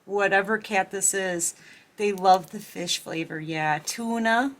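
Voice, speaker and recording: A woman's voice: medium pitch, measured pace. A woman giving a casual tarot reading, chatting and giggling as she talks straight to her viewers. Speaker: tarot reader.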